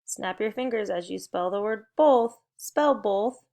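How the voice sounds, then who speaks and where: A woman's voice: medium pitch, lively intonation, a little slow, creaky, noisy background. A young adult woman, leading a recorded spelling and phonics lesson for young children with cheerful, encouraging call-and-response prompts. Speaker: teacher.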